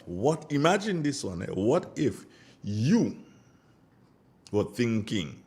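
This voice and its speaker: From a radio studio, a Grenadian host with a mid-range voice speaks slowly, pausing often, as he greets listeners. His storytelling is casual and animated, rich in Caribbean colloquial phrasing.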